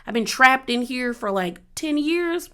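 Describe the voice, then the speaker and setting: A woman voicing a weary imprisoned man who answers with deadpan sarcasm. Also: sits high, measured pace, clear, resonant tone, exaggerated voice. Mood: sarcastic.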